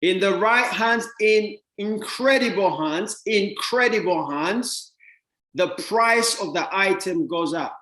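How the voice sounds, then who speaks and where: A man giving an animated motivational talk about money, often repeating words and acting out little exchanges with other people. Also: high-pitched, slow pace, echoey room, low-quality recording. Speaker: speaker teaching about money.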